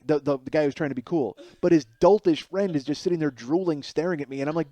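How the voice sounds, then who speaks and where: A man in his forties tells a comic story alone on his podcast, animated, cheerfully profane, and often laughing at himself. His slightly high voice has a mellow, relaxed tone, and he talks briskly with hardly any pauses. The recording is close and dry.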